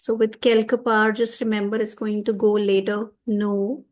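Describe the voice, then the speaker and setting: A woman teaching French grammar for a school exam, explaining each answer step by step and slowing down on the French. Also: medium pitch, level tone. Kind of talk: exam revision lesson.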